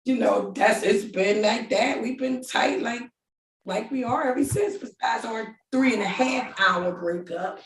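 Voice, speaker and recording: Animated storytelling woman in an echoey room. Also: a little high, a little slow, far from the mic, a little hiss or hum. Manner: animated, laughing, quoting others in voices. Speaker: guest telling her relationship story. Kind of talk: casual storytelling.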